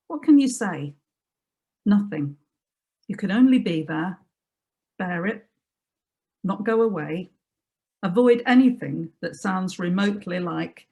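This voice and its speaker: Woman reading prose softly aloud. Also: mid-range voice. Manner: measured, quiet, reflective delivery. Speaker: writer reading her prose. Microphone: video call.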